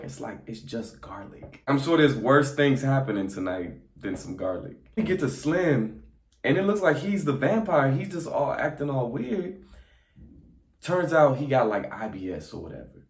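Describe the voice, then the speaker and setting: A young man casually recapping a movie, acting out the characters' lines in quick voices. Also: medium pitch. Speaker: movie reviewer. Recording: echoey room.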